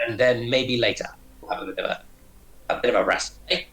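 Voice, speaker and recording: A man's voice: medium pitch, fast, fairly bright tone, lightly acted. A man voicing a towering, jovial female half-orc brawler with a hearty, friendly manner.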